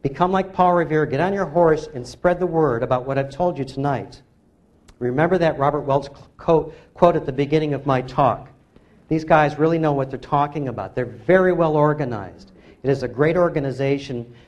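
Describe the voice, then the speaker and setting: A man's voice: a little high, a little mellow. Emphatic man rallying a lecture audience. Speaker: author giving a public talk. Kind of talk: public lecture.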